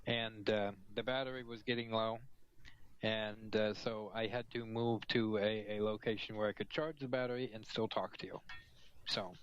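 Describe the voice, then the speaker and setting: A man's voice: fairly low pitch, fairly even intonation, moderate pace, smooth. A man chatting casually over a phone call on a headset, joking and rambling between yawns. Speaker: call-in guest on a stream. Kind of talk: casual chat. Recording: dull lo-fi phone call audio.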